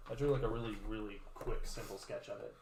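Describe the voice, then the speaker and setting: A man running a tabletop game as dungeon master, halting and full of restarts. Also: fairly low pitch, fairly even intonation, vocal fry, darkish tone. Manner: halting, restarts often, many fillers. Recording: echoey room, distant mic, noisy.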